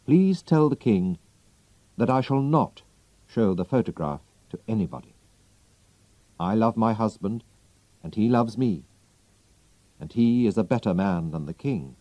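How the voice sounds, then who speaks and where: A man reads a classic story aloud very slowly and clearly, his lowish voice rising and falling with a lot of expression. The tone is dark and mellow, recorded close and dry with no room sound. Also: dry recording, lo-fi sound. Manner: clear, slow, expressive reading. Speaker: audiobook narrator for English learners. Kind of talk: slow scripted storybook narration.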